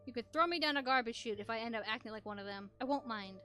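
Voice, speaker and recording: A woman voicing a calm, kind male robot father figure in a game, speaking slowly and gently. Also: a little high, faint music behind. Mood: gentle.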